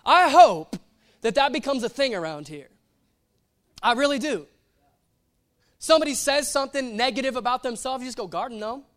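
A man preaching a sermon in an animated, playful way, acting out little quotes as he goes. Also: extremely high pitch, moderate pace, pauses often.

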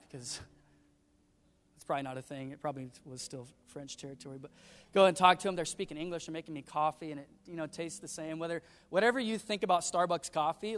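High-voiced man preaching in a hall. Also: fairly bright tone, clear, resonant tone. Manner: storytelling with self-deprecating humor. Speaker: pastor. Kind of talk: sermon. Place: church sanctuary.

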